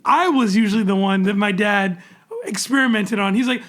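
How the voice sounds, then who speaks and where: A man's voice: very high-pitched, normal speed, vocal fry, a bit bright. A man co-hosting a podcast in casual chat, telling dry anecdotes and laughing at his own jokes. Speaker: podcast co-host.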